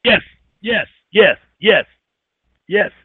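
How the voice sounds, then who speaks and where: A man hosting a radio talk show, rambling and halting as he repeats words while searching for them. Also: sits high, lively intonation, husky, no room sound. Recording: tinny phone-like radio audio.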